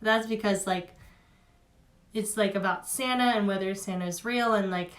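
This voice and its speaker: A young woman talking through a review in a loose, chatty way. She fills her sentences with "like" and "um" and restarts often. She sounds openly emotional and heartfelt at a middle pitch. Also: moderate pace. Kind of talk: casual spoken review.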